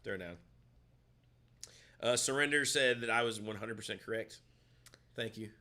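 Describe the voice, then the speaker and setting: A man co-hosting a live stream in laid-back, rambling chat that often trails off quietly. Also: lowish voice, moderate pace. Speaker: co-host of a guitar shop live stream. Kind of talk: casual chat.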